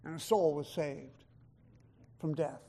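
A man preaching a sermon, emphatic, swinging from loud declarations to hushed asides and reading scripture in old-style wording. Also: a little high, fairly even intonation, takes it slowly, vocal fry. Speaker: pastor.

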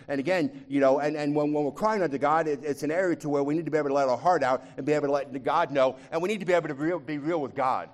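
In a slightly high voice, a fast-talking male pastor preaches, his tone rising from soft confidences to passionate, loud entreaties. Restarts are common, with words repeated each time.

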